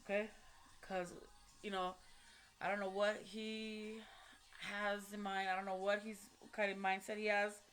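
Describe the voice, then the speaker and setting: Talking to camera, a woman with a medium-pitched, level, fairly bright voice shares a personal story a little slowly. She uses casual street slang and swears often, rambling with lots of fillers and self-corrections.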